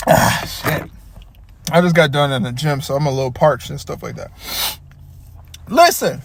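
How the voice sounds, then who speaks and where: A man's voice: medium pitch, normal speed, vocal fry, slight background noise. A man from the Detroit area giving a casual, profane, rambling rant about a wrestling show. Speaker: wrestling commentator.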